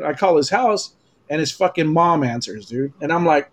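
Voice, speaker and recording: A man's voice: a little high, normal speed. A man, a photographer, telling funny stories on a podcast in casual, profane talk mixed with Spanish. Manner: animated storyteller, profane, mixes Spanish.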